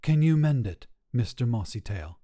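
A man's voice: mid-range voice, lively intonation, normal speed, warm tone, natural voice. A man voicing an earnest, loyal male gargoyle who works as a roofer, talking in a pleading, eager way.

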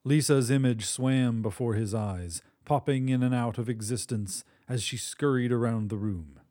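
A man narrates a story in a steady, measured read. His voice is dark and mellow, at an ordinary middle pitch. The recording is dry and close, with no room sound. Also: no room sound.

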